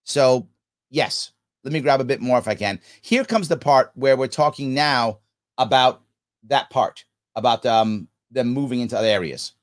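A man's voice: mid-range voice, normal speed. A man hosting a podcast, reading listener comments and giving emphatic commentary that repeats its points. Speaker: podcast host. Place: New York City.

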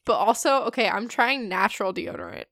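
A young woman co-hosting a casual chat, giggling and teasing with quick asides. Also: mid-range voice, lively intonation, creaky, a bit bright, dry recording, studio quality. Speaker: podcast co-host.

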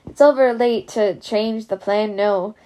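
A woman's voice: mid-range voice, measured pace, warm tone, close to an everyday voice. A woman reading the lines of a determined boy wizard, urgent and practical.

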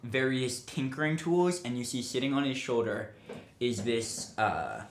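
A man narrating as game master of a tabletop game, relaxed and unhurried with fillers. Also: mid-range voice, slight background noise. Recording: roomy echo.

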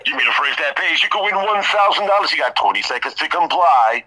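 A man's voice: fairly high pitch, expressive, fast, sharp tone, slight background noise, pitched above the performer's own voice. A man putting on a slick male radio DJ voice with announcer delivery. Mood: hyped.

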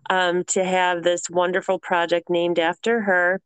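Chatty woman with a smooth clear voice. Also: on the low side, a little slow, no room sound, poor audio. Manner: chatty, animated storyteller who laughs often. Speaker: podcast co-host. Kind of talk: casual chat.

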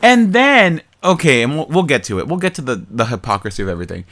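A man in casual chat, recapping a movie plot in an animated, profane way and mocking the characters. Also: medium pitch, quick pace. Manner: animated, profane storytelling with mocking quoted voices. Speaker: podcast co-host.

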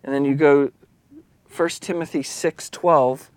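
A man's voice: on the high side, steady tone, slow pace, dry recording. A man preaching a sermon as a lay leader, speaking candidly and confessionally, with restarts and small laughs.

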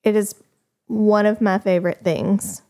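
Woman, smooth clear voice, very slow and laid-back. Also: medium pitch. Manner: relaxed, drawn-out explaining. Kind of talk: casual chat.

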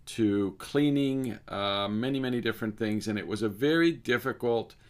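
A man from Cyprus, a speaker and author, telling a personal story in a measured, deliberate way that lingers over details. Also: fairly low pitch.

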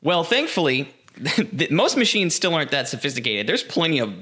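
A man's voice: on the high side, very animated, normal speed, sharp tone, slightly rough. A man co-hosting a podcast, explaining things in a chatty, casual way. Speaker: podcast co-host. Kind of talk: casual chat.

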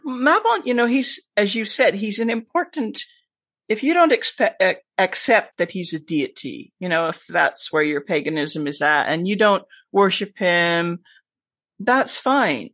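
A podcast guest and teacher with a mostly American accent that has a Scottish tinge, talking in a casual, emphatic way with lively asides. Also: medium pitch, a little slow, no echo. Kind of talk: casual conversation.

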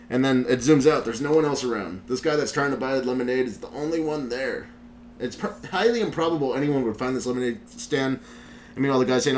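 Fast-talking man rambling with fillers. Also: mid-range voice, slight background noise. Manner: rambling, heavy use of "like" fillers. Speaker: crypto show host. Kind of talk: casual commentary recapping a video.

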